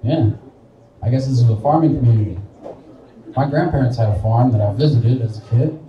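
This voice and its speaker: The recording is lo-fi, with the voice coming from a distance in an echoey bar room. A young stand-up comedian from Wichita, Kansas, speaking fairly quickly in a mid-range voice, rambles through a self-deprecating set on a small bar's live stage and often laughs at his own jokes.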